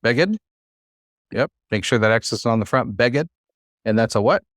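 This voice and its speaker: A man's voice: on the low side, fairly even intonation, fast talker, dry recording, clean studio sound. A man teaching a classroom lesson, patient and encouraging, with many fillers. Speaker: Hebrew teacher.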